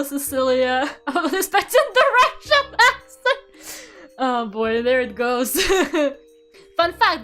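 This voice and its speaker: A woman's voice: high voice, a bit bright. A young woman streamer chatting casually and reading a book aloud, giggly and sarcastic, swearing and tripping over words. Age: young adult. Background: faint background music.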